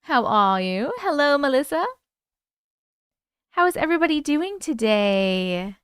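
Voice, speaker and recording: A woman's voice: high-pitched, big pitch swings, unhurried, clear, resonant tone, no room sound, clean studio sound. A woman with a New York accent hosting a live stream, greeting chatters by name in a chatty, playful way. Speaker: livestream host. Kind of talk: casual live-stream chat.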